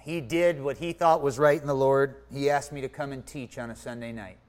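A man telling his story in a sermon, acting out his own thoughts and swinging from loud to hushed. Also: mid-range voice, steady tone, fairly quick. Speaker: preacher. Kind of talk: sermon testimony.

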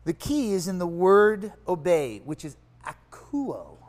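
This preacher has a medium-pitched voice and takes his time, keeping the sermon chatty and lively. He shifts from hushed side remarks to forceful exclamations while teaching word meanings and quizzing the congregation.

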